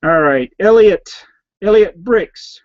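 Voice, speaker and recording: A man with a Southern US accent, a slightly hoarse YouTube host who reads out viewer names and questions and answers them in a rambling, offhand way. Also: high-pitched, lively intonation, slow pace, no room sound, dull audio. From Southern United States. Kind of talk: casual live Q&A.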